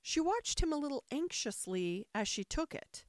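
A woman narrating a classic storybook aloud with an expressive storytelling cadence. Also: high-pitched, moderate pace, no room sound, clean studio sound. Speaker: audiobook reader.

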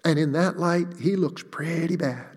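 A man delivers a sermon in a fairly high voice, deliberate and emphatic. He slows down to lean on key words. His voice rings out with the long reverb of a large church hall. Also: husky. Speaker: preacher.

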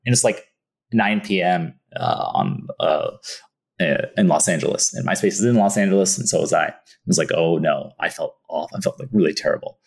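A man telling a story in an interview, animated, acting out his own past thoughts and laughing often. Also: deep voice, fast, vocal fry, slightly rough. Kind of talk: casual anecdote in an interview.

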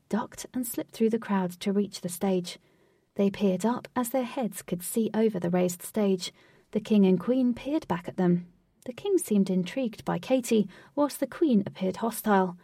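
A woman reading a fantasy story aloud at a calm, steady pace. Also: medium pitch, gravelly, slightly rough, no room sound, clean studio sound, far from the mic. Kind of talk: storybook narration.

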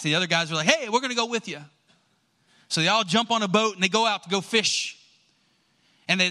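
A man preaching a sermon, telling a Bible story with lively, acted-out dialogue. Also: high-pitched. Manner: animated storytelling, acts out quoted lines. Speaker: pastor.

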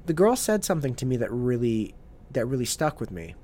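Animated man telling a story. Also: medium pitch, a little fast. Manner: earnest, repeats his words as he talks. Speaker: tutor. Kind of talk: storytelling monologue.

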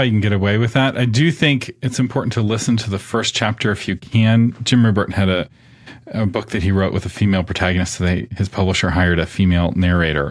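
Conversational male podcast host. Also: fairly low pitch. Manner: conversational, leads with questions. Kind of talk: casual interview talk.

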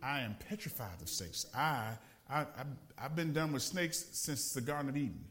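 A man's voice: medium pitch, lively intonation, normal speed, crowd noise. A man preaching a sermon, a pastor from the Los Angeles area, telling a story with laughs and repeated phrases for emphasis.

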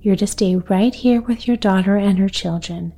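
A woman voicing a wealthy father who speaks gravely and decisively in a bedtime storybook. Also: mid-range voice, normal speed, dark tone, faint music behind, lightly acted.

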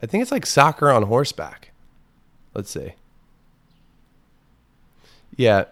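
A man's voice: mid-range voice, wildly swooping pitch, slow pace, a bit bright. A man hosting a podcast as a casual comedic monologue, rambling and profane, with crude jokes. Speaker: podcast host.

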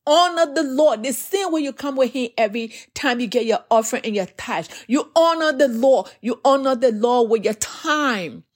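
A woman with a slightly high voice preaches a sermon as a personal testimony. She speaks earnestly, sometimes stumbling over and repeating her words as she goes. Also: animated, normal speed, few pauses.

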